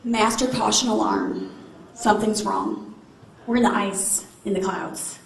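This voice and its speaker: A woman motivational speaker telling a story to a live audience on a stage mic, animated and asking the crowd questions. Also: mid-range voice, unhurried, creaky. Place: large event hall. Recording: echoey hall with faint noise. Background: audience responses.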